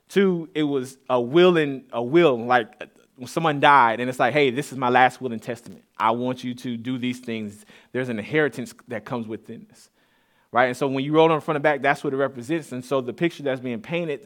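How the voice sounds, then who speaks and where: A man preaching a casual, conversational sermon in a church. He repeats and restarts words and builds to emphatic peaks. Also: medium pitch. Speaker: pastor.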